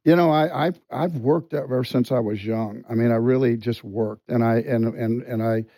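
A middle-aged man, a podcast guest, tells a personal story with many restarts and pauses. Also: mid-range voice, gravelly, no room sound. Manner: halting, full of restarts and quiet asides. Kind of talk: conversational storytelling.

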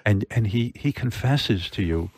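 A man's voice: lowish voice, animated, unhurried, darkish tone, slightly rough, no room sound. A man hosting a casual interview, rambling and swearing freely as he praises a show. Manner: rambling, profane, lots of fillers and restarts. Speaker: host.

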